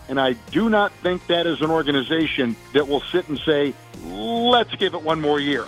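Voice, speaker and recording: A man's voice: a little high, fairly bright tone, low-quality recording. A man, a sports broadcaster, heard in a played clip giving an emphatic, slightly stammering critique.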